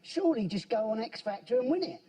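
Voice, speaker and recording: A woman making dry, deadpan jokes as a comedian panelist, heard from a distant studio mic. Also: fairly high pitch, fast talker.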